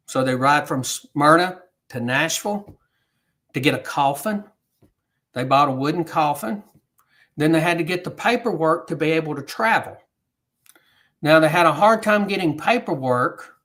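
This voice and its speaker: A man's voice: a little high, fairly bright tone. Man telling a history story. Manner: unhurried storyteller, acts out quoted dialogue. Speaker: guest speaker on history.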